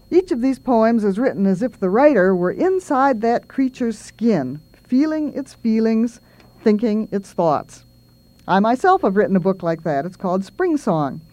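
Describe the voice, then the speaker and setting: A middle-aged woman, a children's author, giving a talk and reading poems aloud with feeling. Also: mid-range voice. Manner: slow, expressive reading aloud.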